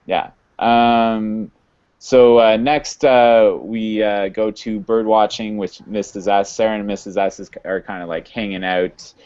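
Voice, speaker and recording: A man hosting a podcast, casually recapping a TV episode in a halting way with many fillers and restarts. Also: on the low side, level tone, darkish tone, smooth. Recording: dull lo-fi sound.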